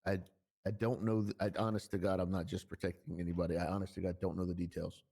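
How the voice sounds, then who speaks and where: Very deep, dark-voiced man in role-play. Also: flat delivery, gravelly, breathy edge. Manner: halting, many fillers, earnest. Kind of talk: in-character role-play chat.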